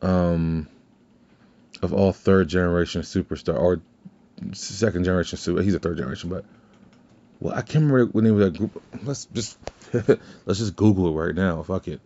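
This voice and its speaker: A man's voice: deep voice, moderate pace, pauses often, warm tone. A man hosting a podcast in casual chat, rambling and cursing, with many restarts. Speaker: podcast host. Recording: slightly dull lo-fi sound.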